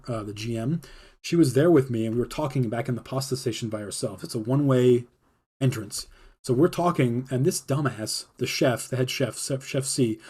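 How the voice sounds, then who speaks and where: A man with a husky, slightly breathy voice tells a long story in a casual stream. He swears freely and acts out the others' lines as he goes. His pitch sits in an ordinary middle range. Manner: profane, animated retelling with quoted dialogue. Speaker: podcast host telling a personal story. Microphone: streaming mic.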